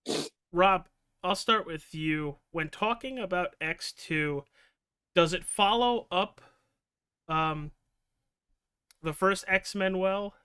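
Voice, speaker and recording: A man's voice: high voice, slow, pauses often, sharp tone, clear, resonant tone, no echo, studio quality. A man hosting a casual podcast, joking around, with loose fillers and the odd swear. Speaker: podcast host. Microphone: podcast mic over video call.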